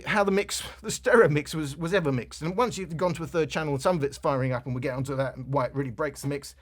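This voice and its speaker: A man from London with a Cockney accent, talking casually and bluntly as he reviews a speaker, with plenty of digressions. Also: fairly high pitch. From England, London. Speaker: tech reviewer.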